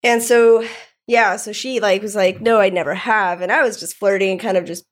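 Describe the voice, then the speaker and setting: A woman's voice: mid-range voice, fairly even intonation, moderate pace. Candid young woman telling a story. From Southern California. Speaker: guest. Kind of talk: casual chat.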